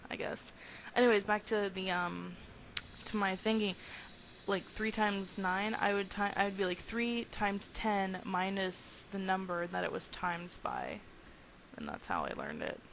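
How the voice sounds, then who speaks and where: A woman's voice: medium pitch, normal speed, creaky, highs cut off, a little hiss or hum. A young woman in her twenties narrating a video game playthrough in casual, rambling commentary, giggly and hyper. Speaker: let's play host.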